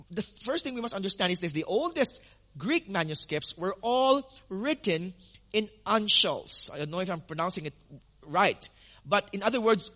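A man's voice: high voice, sharp tone. A male pastor teaching a sermon in an earnest way, repeating words for emphasis with frequent ums and restarts.

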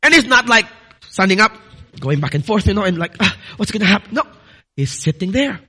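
A man's voice: high voice, lively intonation, brisk, bright, forceful tone, slightly rough. A man preaching a sermon, earnest and building to emphatic declarations, addressing listeners as dearly beloved.

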